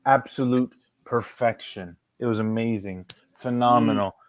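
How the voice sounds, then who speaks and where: A man's voice: medium pitch, fairly even intonation, a little slow, no room sound. A man co-hosting a casual film podcast, talking in a brash, playfully provocative way with plenty of swearing. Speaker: podcast co-host. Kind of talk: casual chat.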